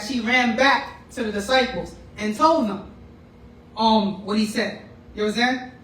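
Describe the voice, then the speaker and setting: A man with a notably high voice gives an informal lecture and keeps checking in with his listeners. He sits some way back from the mic in a roomy, echoing space. A faint hiss lies underneath. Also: fairly bright tone. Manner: conversational, often checks in with "right?" and "you know what I'm saying?". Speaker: class teacher. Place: room with a class. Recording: roomy and distant with faint noise.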